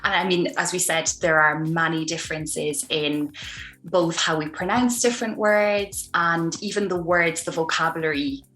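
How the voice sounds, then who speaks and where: A woman's voice: low-pitched, steady tone, normal speed, a bit bright, faint music behind. An Irish woman hosting a casual interview, encouraging her guest with frequent affirmations. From Ireland. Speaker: host.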